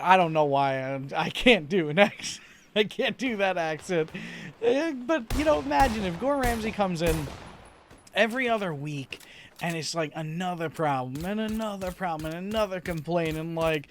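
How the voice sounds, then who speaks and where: A man giving relaxed, rambling commentary over his own gameplay, a little stuffy from a slight cold. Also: high voice, brisk, slight background noise. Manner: laid-back, rambling, chuckles to himself. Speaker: gaming video host.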